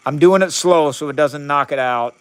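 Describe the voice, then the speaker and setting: A man's voice: a little high, moderate pace, smooth. A man on a live science stream, chatting casually as he runs experiments in a chemistry lab and greets viewers by name.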